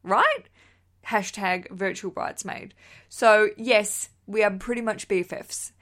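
A medium-pitched, fairly even voice, unhurried, comes from an Australian woman probably in her thirties who hosts a wedding podcast. Chatty and bubbly, she reads listener messages, laughing often and swearing casually.

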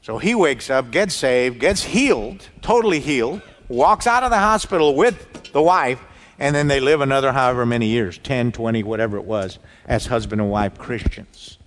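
A man preaching a sermon, telling stories with lively quoted dialogue. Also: medium pitch, moderate pace, slight background noise. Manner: animated storytelling, quoting people in dialogue. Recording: reverberant hall.

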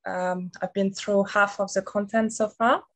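A woman's voice: medium pitch, fairly even intonation, a little slow, a bit bright, no room sound. A woman chatting casually over a video call, giggly and a little bashful. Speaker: new student interviewee.

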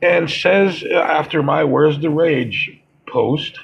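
Gravelly man ranting in slow bursts. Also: on the high side. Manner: heated, profane, halting with restarts. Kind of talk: monologue commentary. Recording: dull lo-fi recording.

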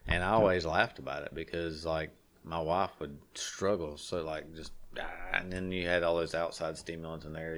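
A man's voice: very deep voice, steady tone, normal speed, few pauses, fairly bright tone. A man talking casually and frankly, rambling through stories with acted-out quotes. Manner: salty, frank talk. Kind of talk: casual chat.

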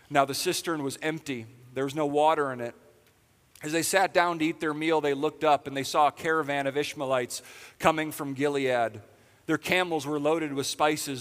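A man preaches a sermon in a relaxed, conversational way, breaking in with dry, sarcastic asides. His voice sits a little high for a man. A long reverb trails after him in a big church hall. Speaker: pastor.

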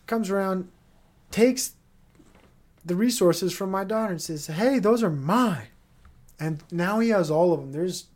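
This solo podcast host, a man in his thirties, has a voice on the high side with a darkish tone. He rambles profanely through a casual monologue packed with fillers and digressions.

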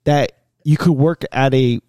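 A man, a soldier who leads his own troops, chatting casually in a halting way and often restarting his sentences. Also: mid-range voice, steady tone, mellow, no room sound, clean studio sound. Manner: halting, frequent fillers and restarts. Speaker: soldier, co-host in chat. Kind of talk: casual chat.

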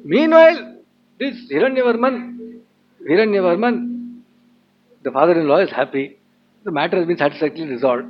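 Chatty storyteller, high voice. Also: male voice, expressive, fairly quick, long pauses. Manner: chatty, laughing, many asides. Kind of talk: casual storytelling talk. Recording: dull lo-fi with faint ambience.

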